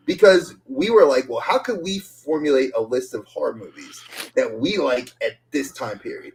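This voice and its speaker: Laughing, restless podcast co-host. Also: male voice, fairly high pitch. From New York. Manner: animated, laughs often, stammers and restarts. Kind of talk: casual podcast chat.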